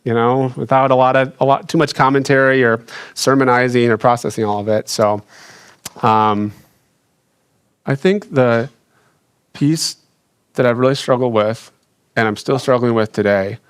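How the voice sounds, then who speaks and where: A young adult man sharing a personal faith story, earnest and halting, with frequent restarts and fillers. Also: mid-range voice, fairly even intonation, clean tone, no echo. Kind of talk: reflective personal testimony.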